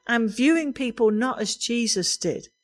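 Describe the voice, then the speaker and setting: A woman's voice: a little high, lively intonation, a little slow. Woman preaching an earnest sermon. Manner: earnest, conversational preaching with light laughs.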